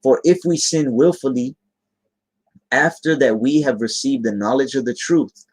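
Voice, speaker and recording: A young man gives an informal live-stream sermon, speaking casually but earnestly. He keeps asking "right?" to check that his listeners follow, and he slows down to read scripture. His voice sits at an ordinary middle pitch. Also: a little mellow. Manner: reads scripture aloud in a slower voice.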